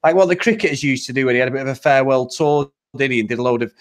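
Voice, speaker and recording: A man's voice: mid-range voice, racing. A man from Manchester with a Mancunian accent, co-hosting a football podcast in a chatty, casual way. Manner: chatty, laughs often, apologetic asides. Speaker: podcast co-host.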